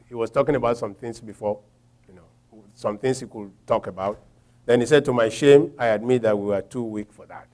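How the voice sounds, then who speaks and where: A man with a medium-pitched voice preaches a sermon, quoting scripture and posing rhetorical questions to the congregation. He swings from quiet reflection to loud emphasis.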